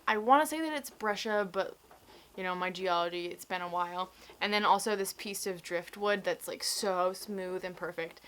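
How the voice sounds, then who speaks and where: Young woman vlogger, casual storyteller, mid-pitched, loose and chatty delivery. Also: fairly bright tone. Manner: chatty storytelling with many likes and restarts. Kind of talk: casual video diary.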